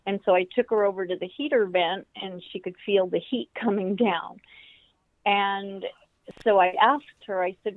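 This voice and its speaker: Older female guest with a thin phone-line sound, animated storyteller who acts out quotes. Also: mid-range voice, unhurried, dry recording. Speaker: guest, author. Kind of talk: storytelling in an interview. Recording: tinny phone-like line, dry.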